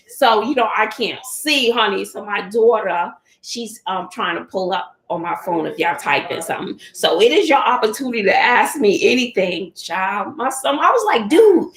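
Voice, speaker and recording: A middle-aged Texan woman with a fairly high, slightly bright voice hosts a casual live chat from home, recorded on a phone or computer in a reverberant space. She laughs often and calls her viewers honey and child.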